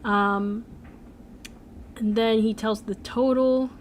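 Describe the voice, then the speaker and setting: A woman's voice: on the high side, fairly even intonation, takes it slowly, a little hiss or hum. A young woman streamer chatting casually, rambling with lots of "like" and "um". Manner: rambling, full of "like" and "um". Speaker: streamer, animator. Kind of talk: casual live-stream chat.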